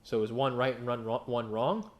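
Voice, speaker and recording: A man's voice: medium pitch, fairly even intonation, normal speed. Man preaching with rhetorical questions. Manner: conversational, asks the congregation rhetorical questions. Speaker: pastor. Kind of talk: sermon.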